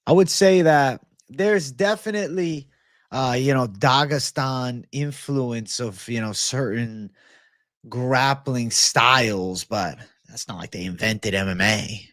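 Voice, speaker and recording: A man's voice: mid-range voice, slow, a bit bright, dry recording, clean studio sound. A man hosting a casual livestream and answering viewer comments in a blunt, laid-back, profane way. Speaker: livestream host.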